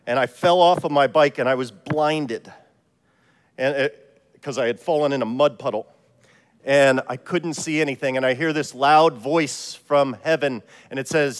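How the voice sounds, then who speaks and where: A man's voice: medium pitch, normal speed. A man from Ohio, a pastor preaching a sermon in a casual, self-deprecating storytelling way. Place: church sanctuary. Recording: long church reverb.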